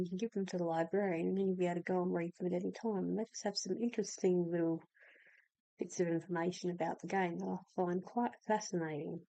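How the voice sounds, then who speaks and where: A woman's voice: on the low side, mellow, no echo, poor audio. A woman hosting a casual, chatty video about game lore, explaining things and reading in-game texts aloud. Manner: chatty, explanatory, with fillers and asides. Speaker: host.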